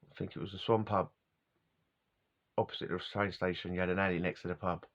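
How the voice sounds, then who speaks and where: Middle-aged man vlogging, lowish voice, wandering casual chat, muffled lo-fi recording. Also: little pitch movement, fast, fairly bright tone. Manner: casual and wandering, laughs often, loses his words. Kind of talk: rambling personal storytelling. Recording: dull lo-fi recording.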